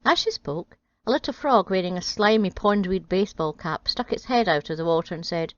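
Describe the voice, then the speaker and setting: A woman's voice: lowish voice, expressive, brisk, few pauses, no echo, lo-fi sound. A woman reading a comic fairy tale as a storyteller, with a dry, wry delivery.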